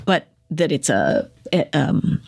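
A middle-aged woman, a former news director, telling lively stories in an interview and acting out the dialogue. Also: sits low, slow pace, creaky, breathy edge. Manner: lively storyteller who acts out quoted dialogue; emphatic, repeats phrases for effect. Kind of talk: conversational interview storytelling.

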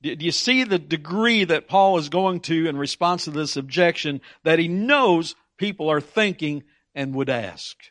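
A man's voice: fairly high pitch, animated, moderate pace, hardly any pauses, fairly bright tone, dry recording, studio quality. A man preaching a sermon, emphatic, often stumbling and repeating words as he presses his points.

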